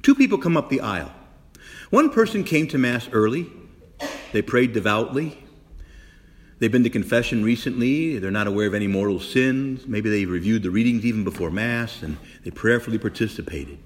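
A man preaching from the altar, his voice leaping around with lively, expressive pitch. He fires question after question at the congregation, sometimes loud and excited, sometimes dropping to a hush. A long reverb rings through the large church. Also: normal speed. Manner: animated preaching, swinging from loud exclamations to hushed whispers; asks the congregation many rhetorical questions. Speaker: Catholic priest. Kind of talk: sermon.

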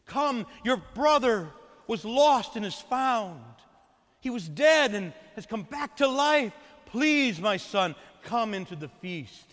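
A man voicing a loving older father who pleads tenderly with his son, slowing down and growing quieter. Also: very high voice, sing-song, big-room sound, voice pushed up, exaggerated voice. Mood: pleading. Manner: begging softly, slowing and dropping quieter.

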